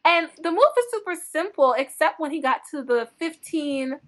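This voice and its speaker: A woman book blogger chatting as a podcast guest, telling lively stories with frequent laughter and acted-out quotes. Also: high voice, moderate pace. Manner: animated, laughing often, acts out quotes. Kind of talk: chatty podcast interview storytelling.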